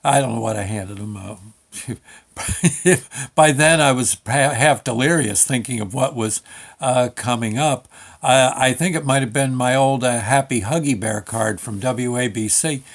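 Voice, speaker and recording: A man in his sixties hosting a show, telling a comic story in an excitable, rambling way, often breaking off and restarting his sentences. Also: mid-range voice, normal speed. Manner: rambling, excitable, self-interrupting. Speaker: show host.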